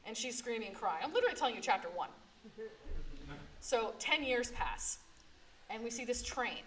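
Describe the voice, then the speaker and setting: Woman, librarian host, animated storyteller, higher voice, picked up from a distance in a panel room with faint background noise. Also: brisk. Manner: animated, emphatic storytelling, repeated "okay?" check-ins. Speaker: librarian presenting a manga panel. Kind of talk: live convention panel talk. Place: convention panel room, live before an audience.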